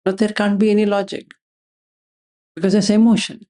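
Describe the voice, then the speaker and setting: A man's voice: sits high, little pitch movement, moderate pace, mellow. A man teaching the Dhamma. He argues through blunt rhetorical questions and keeps repeating Pali terms. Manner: blunt, dismissive of emotion. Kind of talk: Dhamma talk.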